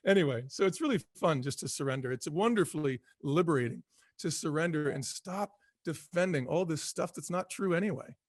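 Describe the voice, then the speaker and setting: A man's voice: on the high side, expressive, normal speed, no echo, clean studio sound. A middle-aged man, a guest author, talking earnestly and reflectively in an interview, often repeating himself and laughing easily. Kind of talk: conversational interview.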